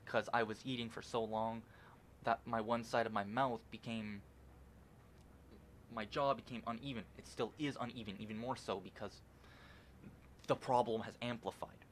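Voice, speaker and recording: A man's voice: mid-range voice, fairly even intonation, normal speed, long pauses, slight background noise. A young man casually rambling through gameplay commentary at home, swearing often and restarting sentences with lots of fillers. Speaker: gaming channel host.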